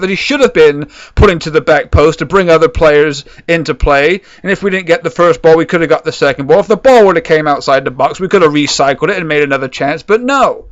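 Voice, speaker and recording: This man's voice sits high for a man. He delivers a raw match reaction as a sarcastic, profane rant, and the recording is dry and a little muffled. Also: dry recording. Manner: sarcastic, swearing, ranting. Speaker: football fan video creator.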